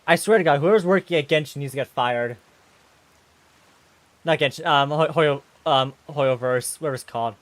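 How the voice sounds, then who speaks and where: Excitable ranting male streamer, close and dry. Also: on the high side, normal speed, dry recording. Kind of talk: casual live-stream commentary.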